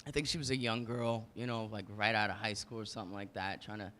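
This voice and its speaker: A man's voice: on the low side, quick pace, pushed and bright, a little hiss or hum. A man in casual chat, chuckling and adding jokey asides.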